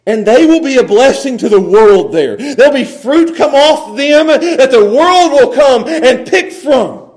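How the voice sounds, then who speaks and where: God speaking as a calm, promising male deity, voiced by a high-voiced man in a sermon. The words come out solemn and declaring, each promise laid down firmly. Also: a little slow.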